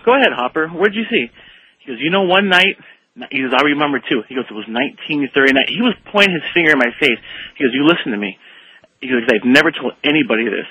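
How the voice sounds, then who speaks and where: Rambling male caller on a radio show, bright breathy voice, acts out the quotes. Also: fairly high pitch, poor audio. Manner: rambling, animated storyteller who acts out quotes. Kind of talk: telling a story on a call-in radio show.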